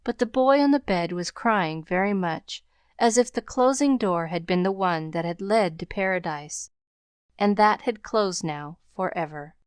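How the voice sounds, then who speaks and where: Woman audiobook narrator, lowish voice, measured storytelling, dry close sound. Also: clean tone, dry recording. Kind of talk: scripted narration.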